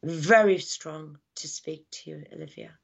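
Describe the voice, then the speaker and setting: A woman working as a psychic medium, giving a live reading with halting speech, lots of fillers, hushed asides and affectionate words like darling. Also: deep voice, creaky, breathy edge. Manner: affectionate, calls people darling and my lovely. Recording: dull lo-fi sound.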